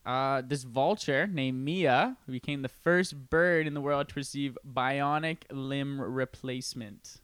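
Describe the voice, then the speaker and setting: A man's voice: medium pitch, slow pace, few pauses, a bit bright, clean tone, dry recording. A young man co-hosting a podcast, laid-back and profane, laughing often in casual chat. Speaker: podcast co-host.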